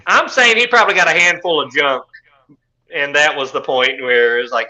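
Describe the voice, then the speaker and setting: A man's voice: on the high side, moderate pace, bright, forceful tone, low-quality recording. A man co-hosting a podcast in casual chat, talking crudely and with lots of profanity. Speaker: podcast co-host.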